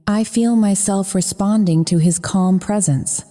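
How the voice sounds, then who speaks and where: A woman's voice: medium pitch, slow pace, mellow, big-room sound, faint music behind. A woman narrating a romance audiobook in the first person, in an intimate, breathless telling.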